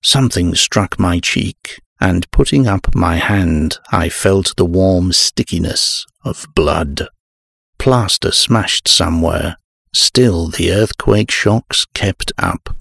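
Deep, gravelly male horror narrator. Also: a bit bright, no room sound, clean studio sound. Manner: measured, dramatic first-person telling. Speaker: audiobook narrator.

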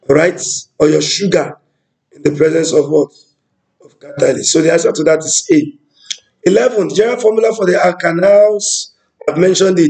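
A man's voice: on the high side, a little mellow, rough recording. A man walking through exam questions as a chemistry tutor, explaining each answer and asking rhetorical questions. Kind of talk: exam-prep lesson walkthrough.

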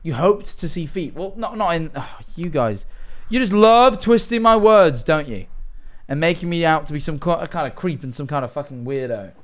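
A man's voice: on the high side, expressive, a little fast. A young British man giving casual, wry commentary as he live-streams a game and thanks viewers, jokingly defensive at times.

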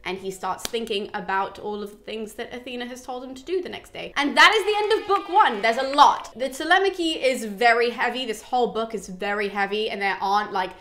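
A woman's voice: a little high, a little fast, few pauses, bright, forceful tone. A young woman hosting a video, retelling a classic epic in a chatty, irreverent way, with casual swearing and plenty of slang. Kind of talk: casual slangy book recap.

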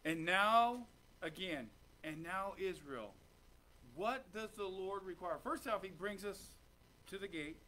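High bright voiced guy preaching in church, keeps asking the crowd stuff. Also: expressive, slow, slight background noise. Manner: fervent call-and-response preaching, asks the congregation questions. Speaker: pastor. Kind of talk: sermon. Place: church sanctuary.

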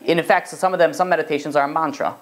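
A man's voice: fairly high pitch, fairly even intonation, very fast. A man teaching a class as a rabbi, in a casual, conversational way full of fillers, often checking whether his students follow.

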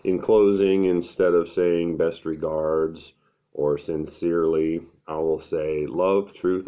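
A middle-aged man, talking to camera at home in an unhurried, earnest, thinking-aloud way. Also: very deep voice, warm tone. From American Midwest. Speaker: vlogger. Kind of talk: casual to-camera monologue.

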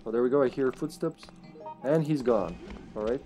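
A man commenting on a live co-op survival game stream, talking casually with plenty of swearing. His voice sits at an ordinary pitch, and he now and then bursts into loud, high laughter. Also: normal speed, soft background music. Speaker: streamer playing co-op.

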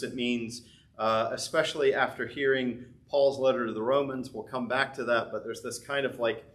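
A man preaching a sermon in a loose, conversational way, thinking aloud with frequent restarts. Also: medium pitch. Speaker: pastor.

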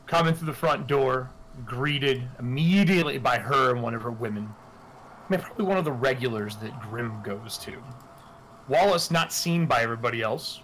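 Man, mid-pitched, casual game master narration, faint background noise. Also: fairly bright tone, rough recording. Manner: casual, loose. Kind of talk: tabletop role-play narration.

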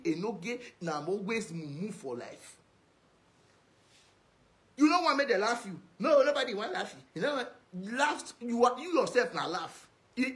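Man, Nigerian Pidgin accent, high voice, scolding rant, repetitive insults. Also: a bit bright. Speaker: social media commentator. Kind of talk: ranting video message.

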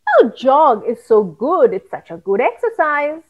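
A woman storyteller reads to young children in an animated, singsong way and talks straight to them. Her voice is very high, and she paces it slowly and gently. The recording is dull and lo-fi. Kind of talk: storytelling for kids.

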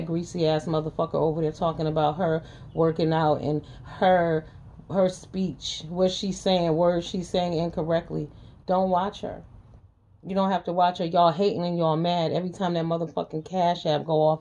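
Low mellow-voiced woman ranting. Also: vocal fry, slight background noise. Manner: profane, confrontational, scolding; repeats lines for emphasis. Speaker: channel host. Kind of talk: ranting commentary vlog.

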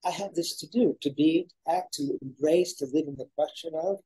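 A man's voice: on the high side, moderate pace, warm tone, slightly rough, rough recording. A man in a spiritual conversation, reflective and earnest, sharing sayings. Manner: reflective and earnest, gives aphorisms.

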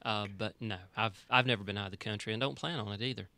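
A man's voice: on the low side, fast, bright, forceful tone, no echo. A man co-hosting a casual podcast chat, with dry sarcastic remarks. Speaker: podcast co-host.

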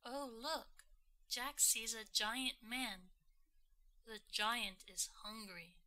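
A woman reading a simple storybook aloud for learners, with clear, deliberate phrasing. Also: on the high side, bright, forceful tone. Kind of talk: slow storybook read-along for learners.

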